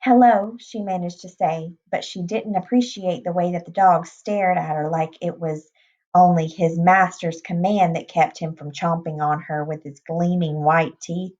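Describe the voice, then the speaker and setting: A woman reading a novel aloud in a plain, unhurried way, with small restarts. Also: lowish voice, fairly even intonation, darkish tone. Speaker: reader. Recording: dull lo-fi recording.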